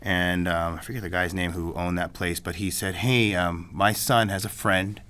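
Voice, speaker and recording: Male guest, low-pitched, loose and rambling anecdote teller. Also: steady tone, normal speed, fairly bright tone. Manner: rambling, many restarts and "you know what I mean". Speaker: filmmaker guest. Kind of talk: casual storytelling in an interview.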